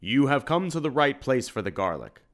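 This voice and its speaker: A man voicing a big, burly, gruff male shopkeeper who talks formally and growls with suspicion, in a storybook reading. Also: medium pitch, very animated, moderate pace, voice pushed up. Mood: hearty.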